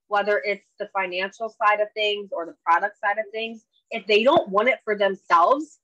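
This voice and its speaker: A woman's voice: medium pitch, pushed and bright, breathy edge, no echo, rough recording. A woman telling a story on a video call in a chatty way, acting out both sides of a conversation. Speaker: network marketing distributor sharing a story.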